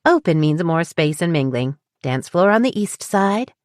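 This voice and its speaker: A woman's voice: fairly low pitch, sing-song, normal speed, dry recording, studio quality. A woman voicing a petite, bubbly wedding planner with a southern drawl who is eager to please. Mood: cheerful. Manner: upbeat, chatty, eager to please.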